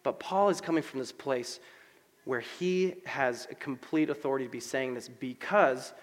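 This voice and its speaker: A man preaching a sermon in a conversational, animated way, with casual asides and fillers. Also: medium pitch, moderate pace. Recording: long hall reverb.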